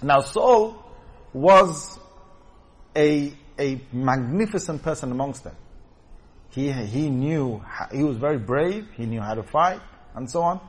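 Husky man explaining scripture. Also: medium pitch, expressive, slow pace. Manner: explanatory, checks in with "Okay?" often. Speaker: religious teacher. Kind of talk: scripture commentary lesson.

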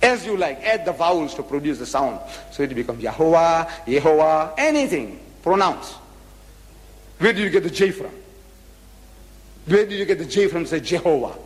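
Animated male lecturer in a reverberant hall. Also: on the high side, moderate pace. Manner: emphatic, rhetorical questions, repeats points. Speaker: religious lecturer. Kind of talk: public religious lecture.

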